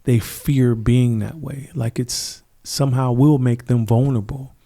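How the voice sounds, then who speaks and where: Earnest man with a mellow, warm voice. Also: mid-range voice, fairly even intonation, a little slow. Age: middle-aged. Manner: earnest, reflective, acts out quoted people. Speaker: podcast guest. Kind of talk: conversational interview storytelling.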